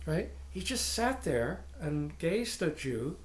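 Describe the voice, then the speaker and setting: Older man giving a halting dharma talk. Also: a little high, very animated, echoey room. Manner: halting, searching phrasing with frequent asides and soft laughs. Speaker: dharma teacher.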